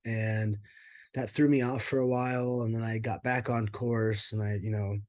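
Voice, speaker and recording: A man's voice: on the low side, level tone, normal speed, a little mellow, dry recording. A man telling his life story in an interview, candid and rambling, with many fillers and casual swearing. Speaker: interview guest, former pro fighter.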